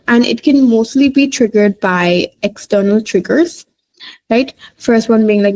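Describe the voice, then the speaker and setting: A woman's voice: mid-range voice, darkish tone, low-quality recording. A woman psychologist explaining points in a loose, informal way, with many fillers and frequent "right?" tags.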